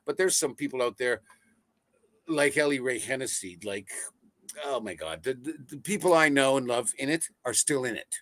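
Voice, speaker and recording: A man, a voice actor telling stories in a casual interview, animated and swearing freely over a video call. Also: mid-range voice, moderate pace, no room sound. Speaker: voice actor guest. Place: home setup on a video call.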